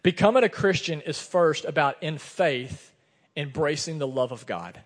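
Male pastor, higher-pitched, earnest conversational sermon delivery; long church-hall reverb. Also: expressive, moderate pace. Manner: earnest, conversational preaching with personal storytelling. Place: church sanctuary.

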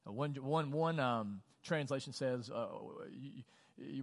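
A middle-aged man preaching a sermon as pastor, talking in a conversational way with many rhetorical questions and dropping to quiet, earnest tones. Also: mid-range voice, expressive, unhurried. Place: church auditorium. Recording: long reverb of a large hall.

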